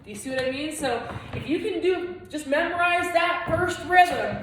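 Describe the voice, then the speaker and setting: A woman's voice: sits high, expressive, normal speed, a bit bright, very echoey, far from the mic, slight background noise, poor audio. A woman teaching a flamenco dance class, explaining steps and chanting the rhythms and counts aloud.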